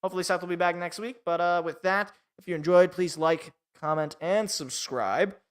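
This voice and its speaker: A man's voice: high-pitched, moderate pace, smooth. A young man hosting a live sports podcast alone, ranting in an exasperated, sarcastic way.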